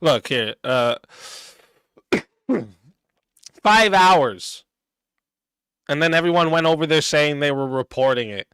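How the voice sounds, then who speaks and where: A man's voice: a little high, animated, slow pace, long pauses, a bit bright, smooth, no echo. A man streaming live, reacting to chat in a crude, combative, mocking way. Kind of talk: livestream commentary.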